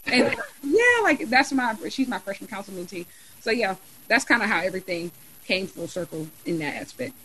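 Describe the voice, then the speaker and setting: A young adult woman chatting casually on a podcast, telling a lively story with many fillers. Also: medium pitch, normal speed, a little hiss or hum, rough recording. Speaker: student government officer and podcast guest.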